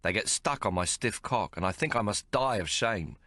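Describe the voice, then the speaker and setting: Deep, bright-toned male audiobook narrator. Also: lively intonation, normal speed, no room sound, studio quality. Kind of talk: scripted first-person audiobook narration.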